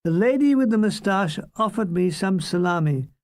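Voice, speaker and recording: A man reading his own comic memoir aloud, dry and wry, with deadpan jokes and asides to the listener. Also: high-pitched, moderate pace, no room sound.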